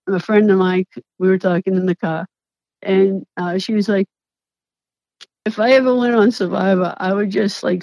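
A young woman talks as an interview guest, laughing often and acting out what people said. Her telling is animated and loose, with casual swearing. The sound is dry and close. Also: mid-range voice, creaky, dry recording, poor audio. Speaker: interview guest, former reality show contestant. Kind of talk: casual storytelling.

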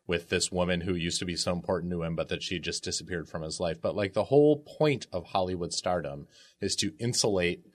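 Very low-voiced man discussing a book. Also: fairly quick. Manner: conversational, filler-heavy with frequent "like". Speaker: panelist. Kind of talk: casual discussion.

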